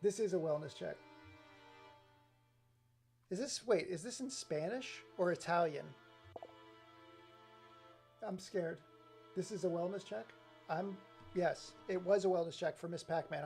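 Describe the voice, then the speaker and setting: A man live-streaming, rambling excitably to his chat viewers with frequent laughs. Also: high-pitched, measured pace, gravelly, long pauses, soft background music. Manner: excitable, scattered, talks to chat, laughs often.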